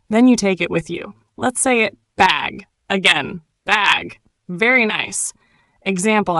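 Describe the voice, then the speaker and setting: A woman teaching an English lesson, narrating a simple story and gently coaching learners to repeat words, with warm encouragement. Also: medium pitch, no echo, clean studio sound. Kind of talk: slow ESL lesson narration.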